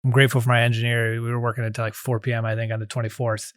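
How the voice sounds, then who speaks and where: A man hosting a podcast, chatting in a relaxed way with small restarts. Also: mid-range voice, racing, no room sound, clean studio sound. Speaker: podcast host. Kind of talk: casual podcast chat.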